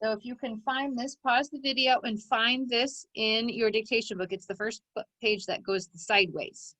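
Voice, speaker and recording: A woman's voice: fairly high pitch, fairly even intonation, moderate pace, fairly bright tone, no echo, rough recording. A woman teaching a recorded phonics lesson to children, giving encouraging step-by-step instructions.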